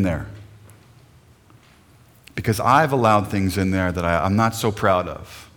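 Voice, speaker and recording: A man's voice: low-pitched, unhurried, long pauses, fairly bright tone, big-room sound. A middle-aged male pastor preaching a sermon in an earnest, emotional way, often putting questions to the congregation.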